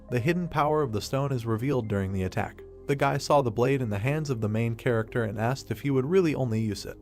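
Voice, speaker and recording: A man narrating a comic story recap in an even, scripted storytelling delivery. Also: medium pitch.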